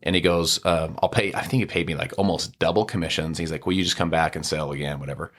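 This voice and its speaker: Very deep-voiced man telling a story. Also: fast talker. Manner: animated storyteller, acts out quoted dialogue. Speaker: podcast guest. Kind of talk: casual storytelling interview.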